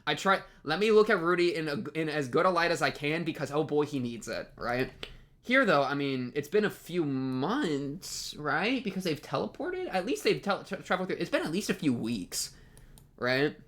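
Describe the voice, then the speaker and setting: A young man hosting an anime reaction video, ranting in an exasperated, rambling way, with many restarts and sudden leaps up in pitch. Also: sing-song, normal speed, a bit bright. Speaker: anime reaction channel host. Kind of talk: animated reaction commentary.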